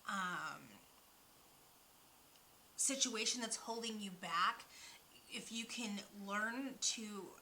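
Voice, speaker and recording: A woman's voice: medium pitch, bright, forceful tone, a little hiss or hum, poor audio. A woman giving a spiritual nutrition card reading, rambling with many fillers and restarts. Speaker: oracle card reader.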